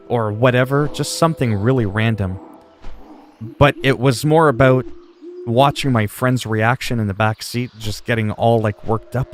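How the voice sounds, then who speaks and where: Speaking at a medium pitch and moderate pace, this livestream host wanders through amusing anecdotes and curses casually during a gaming stream, with faint music behind him.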